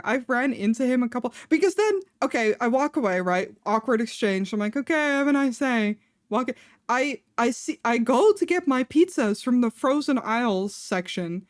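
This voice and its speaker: A woman's voice: on the high side, no room sound, studio quality. A young adult woman streamer telling a personal story in a chatty way, full of fillers and laughing between lines. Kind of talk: casual storytelling on a live stream.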